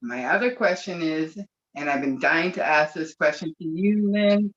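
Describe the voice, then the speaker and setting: A person from Canada speaking on a webinar, gushing and excited, close to tears. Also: mid-range voice, moderate pace. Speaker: webinar participant. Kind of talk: emotional casual speech. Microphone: video call. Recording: muffled video call audio.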